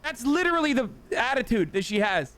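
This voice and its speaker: A man's voice: high voice, animated, fairly quick, fairly bright tone. An American man hosting a livestream, ranting sarcastically and with heavy profanity. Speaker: livestream host. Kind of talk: ranting commentary on a gaming stream.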